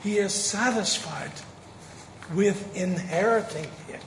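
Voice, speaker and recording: High-voiced guy preaching, slow and emphatic, stretches the big words, roomy hall with faint background hum. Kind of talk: sermon. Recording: echoey hall with faint ambience.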